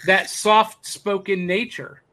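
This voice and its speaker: A man hosting a podcast over a video call, reading out listener comments in a relaxed, chatty way. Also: sits high, slow pace. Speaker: podcast host.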